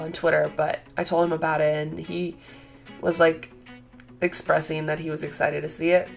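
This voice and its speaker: A young woman vlogging in casual chat, gushing and excitable, full of "like" fillers. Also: low-pitched, vocal fry.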